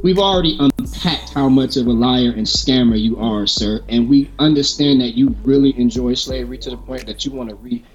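A man's voice: medium pitch, fairly quick, few pauses, lo-fi sound. A male co-host giving a scathing political monologue in a cutting, sarcastic, mocking way.

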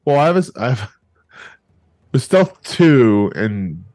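A man's voice: mid-range voice, very animated, unhurried, a little mellow, no room sound, studio quality. A man playing a tabletop game, asking hesitant questions about his moves. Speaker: player.

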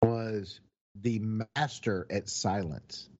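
A man's voice: fairly low pitch, slow pace. A middle-aged man in casual chat, telling wry, candid stories about past relationships. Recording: dull lo-fi recording.

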